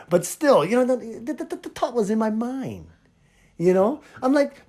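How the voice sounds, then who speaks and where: A man hosting a podcast, telling a funny story in a casual, animated way and acting out both sides of a conversation. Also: high-pitched, slow. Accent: Hawaiian. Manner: animated, jumps between loud and quiet, acts out dialogue. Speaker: podcast host.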